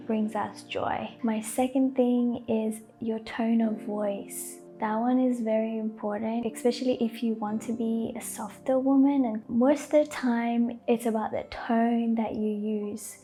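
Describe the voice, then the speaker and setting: A young woman talks softly and casually, with a mellow, somewhat high voice. She laughs easily and often says "like" as she gives gentle advice. Faint music plays behind her. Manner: gentle, soft-spoken, laughs often, uses "like" a lot. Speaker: lifestyle vlogger. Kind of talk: casual advice talk to camera.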